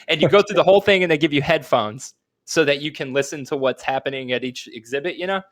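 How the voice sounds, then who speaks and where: A man's voice: fairly high pitch, fast. A man co-hosting a podcast, telling rambling anecdotes in casual chat, laughing and swearing. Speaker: podcast co-host.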